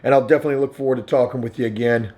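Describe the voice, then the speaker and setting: A middle-aged man, vlogging casually and swinging between hushed asides and excited outbursts. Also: medium pitch, very fast. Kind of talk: casual vlog talk.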